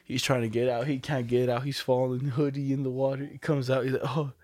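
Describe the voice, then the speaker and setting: Ein junger Mann im lockeren Gespräch, der entspannt Geschichten erzählt, oft flucht und lacht. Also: male voice, medium pitch, flat delivery, fast talker, darkish tone, dry recording. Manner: laid-back storytelling, swears, laughs often. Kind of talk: casual chat.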